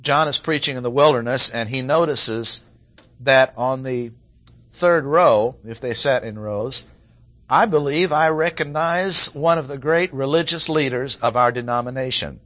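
A man preaching an expository sermon, emphatic, clearing his throat now and then and acting out quoted lines. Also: mid-range voice, measured pace, bright, forceful tone. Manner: clears throat often, restarts phrases.

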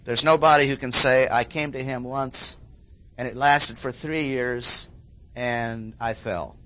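A man preaching an expository sermon, repeating key phrases for emphasis and often clearing his throat. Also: medium pitch, fairly even intonation, measured pace, fairly bright tone, a little hiss or hum.

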